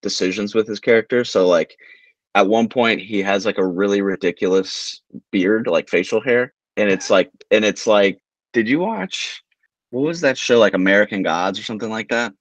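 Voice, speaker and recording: A man's voice: lowish voice, moderate pace, no echo, lo-fi sound. A man co-hosting a casual chat, rambling with many restarts and fillers. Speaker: podcast co-host.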